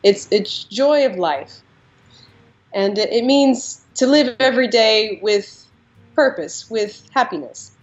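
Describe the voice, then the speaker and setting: A woman's voice: on the high side, expressive, slow pace. A teenage girl answering interview questions in an earnest, upbeat way. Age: teens. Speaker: scholarship candidate. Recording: dull lo-fi sound with faint music.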